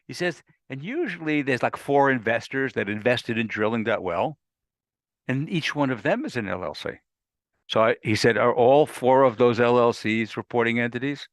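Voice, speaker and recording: Emphatic lawyer explaining in a dry room. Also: male voice, mid-range voice, lively intonation, a little fast, a bit bright, no echo. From United States. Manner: emphatic, repeats himself, folksy asides. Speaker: lawyer hosting a legal briefing. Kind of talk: conversational explanation.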